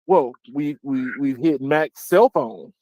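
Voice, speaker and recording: A man's voice: mid-range voice, slow pace, highs cut off, over a noisy crowd. A man hosting a casual tech talk show, jokey and slangy, often repeating words as he gets going. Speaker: host.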